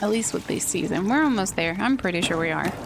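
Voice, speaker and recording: A woman's voice: mid-range voice, expressive, fast talker, background noise. A woman streamer giving casual, chatty let's play commentary and grumbling to herself. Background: game music.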